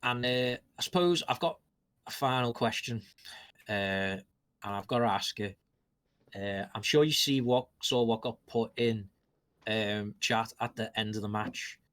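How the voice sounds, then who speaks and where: A man's voice: lowish voice, unhurried, a bit bright. Rambling male match interviewer. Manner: rambling, with many ums and restarts. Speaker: host and post-match interviewer.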